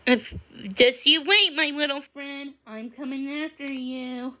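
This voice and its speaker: A woman's voice: high voice, steady tone, measured pace, pushed and bright, heavily acted. A woman voicing a big, playful female puppy who barks and teases in a storybook reading. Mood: playful teasing. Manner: teasing, bouncy barking.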